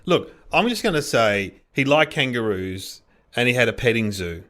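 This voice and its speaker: A man's voice: medium pitch, very animated, normal speed, sharp tone. A man co-hosting a podcast, spinning silly theories in casual comedic chat. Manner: silly, riffing, laughing theories. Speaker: podcast co-host.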